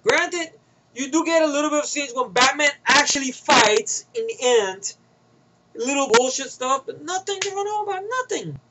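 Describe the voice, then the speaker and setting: A man's voice: very high voice, lively intonation, moderate pace, a loud crowd, poor audio. A young man giving a rambling, profane, sarcastic movie review in a casual rant.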